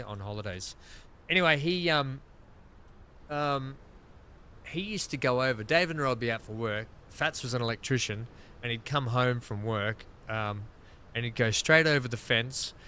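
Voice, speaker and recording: Bright-voiced Australian man telling stories. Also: medium pitch, slight background noise. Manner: rambling anecdotes, laughing often. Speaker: streamer. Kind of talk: casual chat while gaming.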